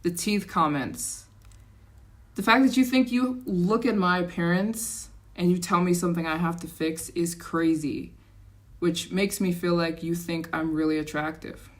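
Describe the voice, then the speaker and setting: A young woman with a somewhat low voice, talking casually on her own livestream. She chats and reacts to comments as they come in, getting excited and animated. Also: unhurried. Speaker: livestream host.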